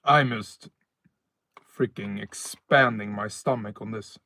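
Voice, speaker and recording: A man's voice: fairly low pitch, slow pace, bright, forceful tone. A man from northern Sweden with a Swedish accent, chatting casually on a live stream outdoors at night, laid-back and rambling with fillers and self-corrections.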